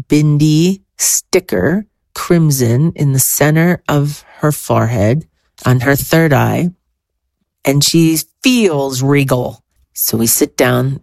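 Low, unhurried woman telling a story. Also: dry recording. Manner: vivid, animated retelling with quoted dialogue. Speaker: guest storyteller. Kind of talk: personal storytelling.

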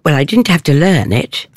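Older actress, slow and thoughtful. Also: female voice, deep voice, slightly rough, no echo, studio quality. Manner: thoughtful and measured, with frequent soft laughs. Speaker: stage actress as guest. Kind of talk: interview.

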